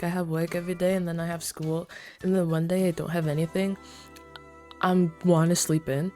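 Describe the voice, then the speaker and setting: A young adult woman streaming, chatting casually with viewers, excitable and swearing freely as she greets them by name. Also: fairly low pitch.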